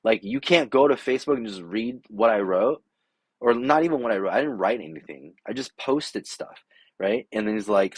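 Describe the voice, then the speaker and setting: A man's voice: medium pitch, lively intonation, moderate pace, breathy edge, no echo. A middle-aged man telling a story in a casual, rambling way, exasperated, acting out both sides of an argument. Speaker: vlogger. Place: home garage workshop.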